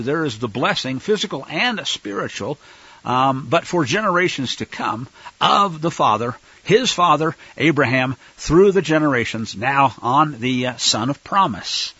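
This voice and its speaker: A man teaches a Bible story with animated, swooping delivery and a somewhat husky tone. His voice sits a little high for a man and sounds dry and close. The recording is dull and lo-fi. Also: normal speed, no echo. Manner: animated, voices the characters, many fillers. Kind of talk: Torah teaching with dramatized readings.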